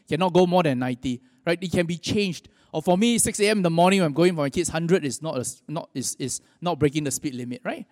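Male pastor, high voice, sermon in a big reverberant hall, chatty, quizzes the crowd. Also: darkish tone, clean studio sound. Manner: conversational, asks the audience questions.

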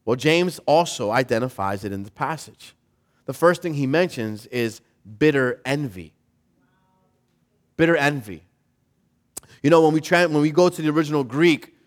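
Guy preaching, pretty high voice, casual and fired up, lots of repeating himself. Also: moderate pace, pauses often. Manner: casual, animated preaching with slang and repetition. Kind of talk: sermon.

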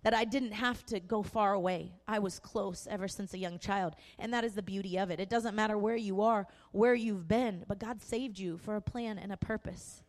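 A woman's voice: mid-range voice, normal speed, few pauses. A young woman pastor giving an impassioned sermon testimony, earnest and emphatic with repeated phrases. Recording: echoey hall.

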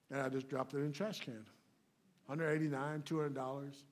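A man preaching a sermon as a guest speaker, folksy and plainspoken, swinging between loud, emphatic points and hushed asides. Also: medium pitch, little pitch movement, normal speed.

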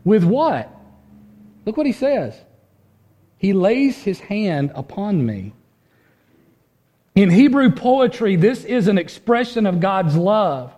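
A man preaching a sermon in earnest, swinging from loud emphasis to a hushed voice and often repeating words as he restarts. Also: high voice, very animated, slow, pauses often. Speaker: pastor.

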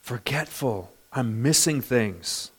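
A man's voice: medium pitch, lively intonation, slow, husky. A man in his fifties preaching a sermon in an emphatic, conversational way, often asking his congregation for an amen. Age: 50s. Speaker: pastor.

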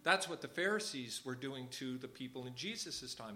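A man's voice: medium pitch, fairly quick, few pauses, bright, forceful tone. Earnest man leading a church service. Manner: earnest and conversational, repeats phrases for emphasis. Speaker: church leader. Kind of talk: informal talk at a church service.

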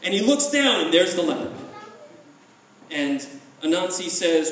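Male folk tale teller, lively and chatty, high voice, off-mic in a reverberant room. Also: a little slow. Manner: lively, conversational asides. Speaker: storyteller. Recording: echoey room, voice from a distance.

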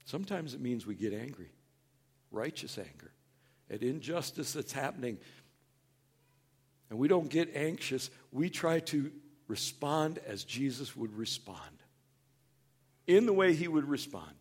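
A male pastor delivers a sermon in an earnest, conversational style, talking with his listeners rather than at them. His husky voice sits at middling pitch for a man, with a measured pace and long pauses. He grows animated when quoting, acting out voices in a higher, louder, livelier tone, and drops soft and quiet for tender points.

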